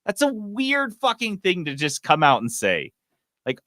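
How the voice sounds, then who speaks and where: Man, podcast co-host, ranting, swears a lot, lively pitch, dry close sound. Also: moderate pace, no room sound. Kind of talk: casual chat.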